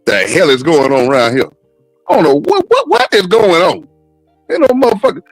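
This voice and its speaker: A man's voice: high-pitched, big pitch swings, normal speed, gravelly, no echo, faint music behind, low-quality recording. A man in casual panel chat, crude and mocking, laughing as he talks. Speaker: panel caller.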